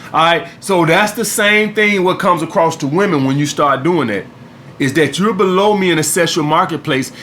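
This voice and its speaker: A man with a fairly high, bright, forceful voice holds forth in a loose vlog monologue. He is blunt and swears freely. A faint hiss sits behind him. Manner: blunt and profane, keeps addressing "guys". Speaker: dating advice channel host.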